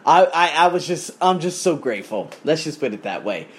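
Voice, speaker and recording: A man in his thirties telling a story in a casual vlog rant, profane and animated, acting out the voices of the people he quotes. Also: a little high, brisk. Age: 30s. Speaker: coach. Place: abroad in Thailand.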